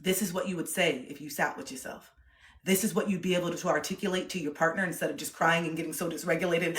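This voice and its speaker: Woman, livestream relationship coach, emphatic, repeats herself, middle pitch, echoey room. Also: quick pace. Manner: emphatic, repetitive, acts out quoted voices. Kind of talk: livestream advice talk.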